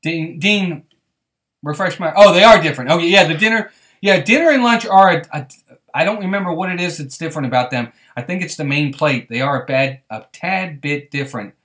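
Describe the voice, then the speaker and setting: A man's voice: fairly high pitch, expressive, a little fast, a bit bright. Chatty man hosting a live stream. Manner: chatty, greets viewers by name as he reads the live chat; friendly, reassuring tone with viewers. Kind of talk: casual live-stream chat.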